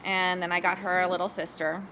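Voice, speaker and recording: With a lowish voice and a brisk pace, this woman tells animated stories in a casual interview, acting out the quotes. She sells luxury homes. There's background noise throughout.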